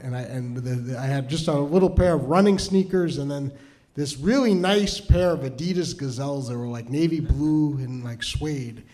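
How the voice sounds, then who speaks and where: A man's voice: mid-range voice, moderate pace, mellow. A middle-aged man from New Hampshire telling a rambling, self-deprecating comedy story on stage, full of restarts. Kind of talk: stand-up storytelling.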